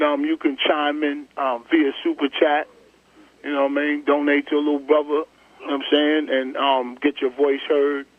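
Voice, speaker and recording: A man hosting a casual talk show, loose and joking, often restarting his sentences. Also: on the high side. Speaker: podcast host. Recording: tinny phone-line sound.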